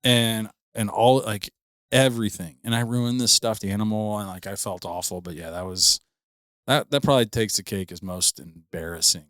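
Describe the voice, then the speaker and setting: This thirties-aged podcast co-host tells a lengthy, embarrassing story casually, laughing, rambling and restarting a lot. He speaks at a moderate pace with a fairly low, slightly bright voice, and the sound is clean studio audio with no room sound.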